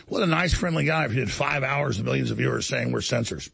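A man's voice: medium pitch, rapid-fire, creaky, a bit bright, slightly rough. A man hosting a talk show, delivering an indignant monologue and acting out other people's lines as he tells the story. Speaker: show host.

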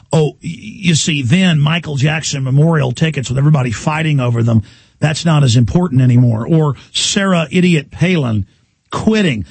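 A man hosting a talk radio show, ranting loudly and combatively with sarcasm. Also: mid-range voice, vocal fry, husky, no echo.

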